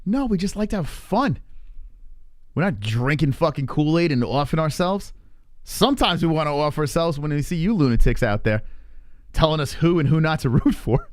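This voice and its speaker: Animated, ranting male streamer. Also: a little high, normal speed, no echo, studio quality. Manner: heated, profane, animated ranting. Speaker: live stream host. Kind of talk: casual rant on a live stream.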